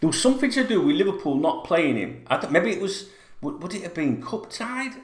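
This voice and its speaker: A middle-aged man hosting a football fan channel rants to camera, blunt, rambling, and sweary. His high voice swings widely in pitch and moves briskly, with a roomy echo around it.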